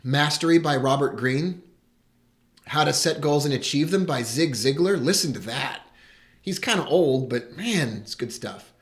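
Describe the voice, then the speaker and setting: Guy hosting a live stream, excitable, a bit high voiced. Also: a little slow. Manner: excitable, enthusiastic, greets viewers. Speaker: host. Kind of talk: live broadcast chat.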